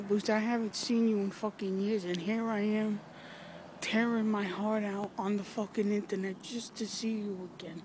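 A woman recording an emotional personal video message, halting, sighing and swearing as she nears tears. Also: mid-range voice, steady tone, a little mellow. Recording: noisy background with vehicles.

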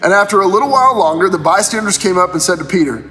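A man with a high voice delivers a casual pastor's devotional, retelling scripture in everyday slang. The sound carries a long hall reverb. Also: animated, very fast, sharp tone, faint music behind.

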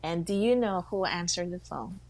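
A woman co-hosting a faith talk show, telling a story with lively quoted voices. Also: lowish voice, moderate pace. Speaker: co-host.

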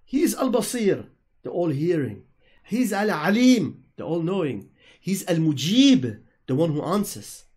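A man's voice: a little high, sing-song, a little slow, darkish tone. A man on an online voice call answering questions in a religious argument, talking in an emphatic, preachy way and repeating himself for stress. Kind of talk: religious polemic in a Q&A.

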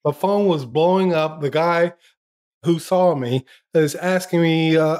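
An older man, a former TV journalist, telling lively anecdotes in an interview and acting out the quotes. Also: on the high side, a little slow. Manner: lively anecdotes, acts out quotes, laughs often. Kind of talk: storytelling in a podcast interview.

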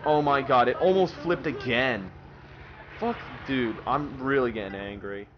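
A man's voice: mid-range voice, a little slow, dull audio, heavy background noise. A young man swearing and ranting in exasperation as he comments on his own gameplay. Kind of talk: let's-play commentary.

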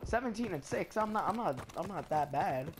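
A man giving excitable, slangy, trash-talking commentary over his gameplay. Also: sits high, moderate pace, background noise. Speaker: gamer. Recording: loud gunfire from the game behind. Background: game gunfire and effects.

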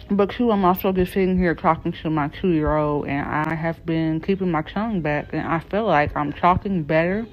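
Frustrated woman vlogger, slangy and blunt, with a lisp from a palate expander and a slightly low voice. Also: normal speed, few pauses, muffled recording, slight background noise. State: speech thick and lisping from a new palatal expander. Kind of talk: casual venting to camera.

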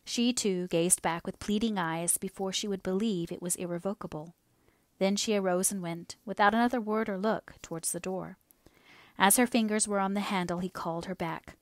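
A woman's voice: medium pitch, no echo. Woman reading a classic novel aloud. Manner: expressive, steady reading. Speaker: audiobook reader. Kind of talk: audiobook narration of a classic novel.

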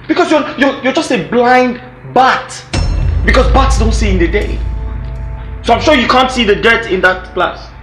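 A man's voice: extremely high pitch, animated, moderate pace, roomy sound, over music. An actor with a Nigerian accent playing a bossy husband scolding his spouse in a film drama. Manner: mocking, scolding. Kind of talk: film acting.

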